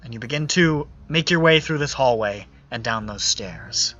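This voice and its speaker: A man running a tabletop game as game master, narrating in an unhurried, descriptive way. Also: mid-range voice, lively intonation, sharp tone. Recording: dull lo-fi audio with faint music.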